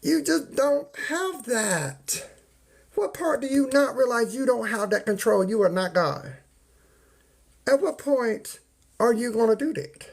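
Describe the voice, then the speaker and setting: Gravelly and medium in pitch, moderately paced, the voice belongs to a streamer ranting casually to his viewers. He repeats his points in a folksy, sermonizing way, uses y'all and ain't, and greets people from the chat by name.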